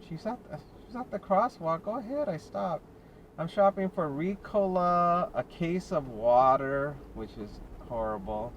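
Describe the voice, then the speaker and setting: A man's voice: high voice, animated, unhurried, far from the mic, highs cut off. A man vlogging as a delivery driver, chatting and joking about the traffic and crowds as he drives, recorded inside his car on a dash cam. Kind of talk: casual driving commentary. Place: inside a car in Las Vegas. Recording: noisy car interior. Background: car and street noise.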